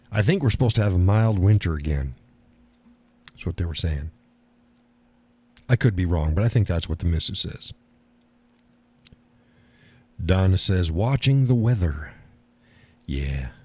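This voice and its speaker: Guy rambling on a live stream, low mellow voice, cusses and chuckles a lot. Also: lively intonation, moderate pace, pauses often, husky, dry recording. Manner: folksy, swears casually, laughs often. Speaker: live stream host reading chat. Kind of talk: casual chat.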